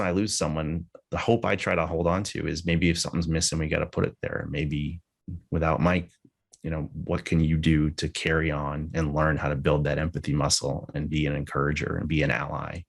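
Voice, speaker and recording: A man's voice: a bass voice, vocal fry, fairly bright tone. A man telling a personal story in tribute at a memorial gathering, candid and conversational, with casual swearing. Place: live gathering with people present.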